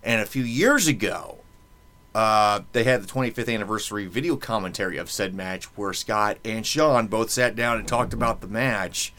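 A man in his thirties with a fairly low voice hosts a casual podcast. He rambles and jokes through his stories, filling pauses with plenty of ums and uhs. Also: pushed and bright. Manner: rambling, joking, many fillers. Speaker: podcast host. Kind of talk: casual chat.

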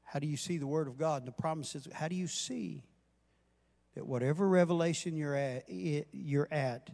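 An older man giving a passionate sermon as guest preacher, rising in volume and dropping back to quiet questions. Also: on the high side, normal speed, vocal fry. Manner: passionate, builds in volume, then drops to questions. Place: church. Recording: music playing underneath.

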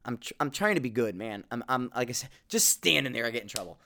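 A podcast host from Connecticut on the US East Coast delivers a casual monologue, talking fast and rambling. His medium-pitched voice has vocal fry, and his animated storytelling is full of cursing and restarts.

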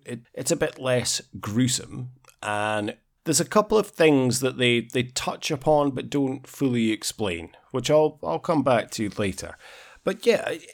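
Man co-hosting a podcast, low-pitched, halting and stammery. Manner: hesitant, stammering restarts. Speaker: podcast co-host. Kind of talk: casual film-review chat.

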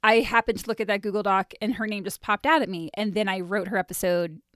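A woman hosting a podcast, telling a story from her notes in a wry, animated way between bits of casual chat. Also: medium pitch, quick pace, dry recording, studio quality. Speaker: podcast host.

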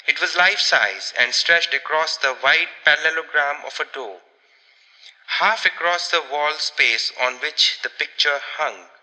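A man narrating a ghost story in a measured, expressive audiobook reading. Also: fairly high pitch, big-room sound, poor audio.

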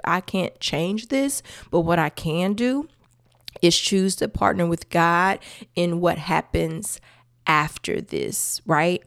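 Woman podcast host telling her faith story, low gravelly voice, emphatic and laughing a lot, dry close sound. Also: no room sound. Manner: expressive and emphatic, with church-style asides to listeners. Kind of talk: personal faith testimony, conversational.

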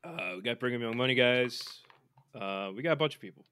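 A man's voice: mid-range voice, expressive, fairly quick, bright, forceful tone, clear, resonant tone. A man co-hosting a podcast in casual sports chat, rambling with lots of fillers and restarts. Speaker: podcast co-host.

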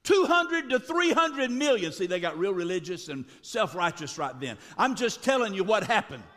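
High, animated preacher in a hall. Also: male voice. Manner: dramatic, swinging between shouts and low drawn-out words. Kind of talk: sermon.

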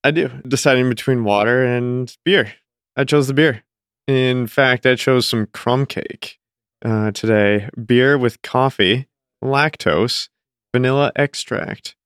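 Slow, smooth-voiced man. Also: mid-range voice, no echo, clean studio sound. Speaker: player. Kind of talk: casual banter at the table.

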